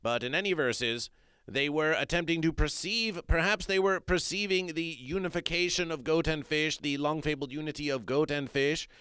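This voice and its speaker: A man's voice: fairly high pitch, moderate pace, a bit bright, clean tone, dry recording, clean studio sound. A man hosting a comedic livestream, reading the chat and talking about himself in the third person in a stilted, grandiose way, often repeating his phrases.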